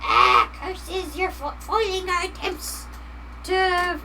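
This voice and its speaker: A woman's voice: very high-pitched, wildly swooping pitch, slow, distant mic, heavy background noise, voice pushed up, full character voice. A woman voicing a pack of small mischievous gremlins, grumbling that their plans are foiled. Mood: thwarted. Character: mischievous squeaky soap gremlins, scheming and cross.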